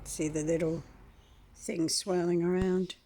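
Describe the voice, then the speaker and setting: Woman, 60s, slow and low-pitched, meandering griping monologue with frequent throat clearing. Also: level tone, warm tone. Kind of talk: rambling complaint to camera.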